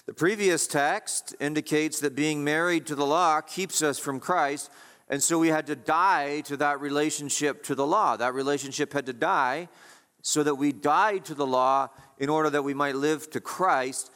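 A man's voice: a little high, fairly even intonation, normal speed, a bit bright, clean tone. A man preaching a sermon as pastor, asking rhetorical questions and repeating his points with emphasis. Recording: long hall reverb.

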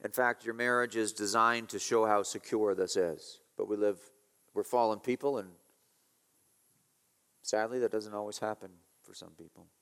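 A man preaching an expository sermon, emphatic, repeating key phrases and swinging between loud and hushed. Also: on the low side, fairly even intonation, normal speed, smooth. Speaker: pastor. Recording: reverberant hall.

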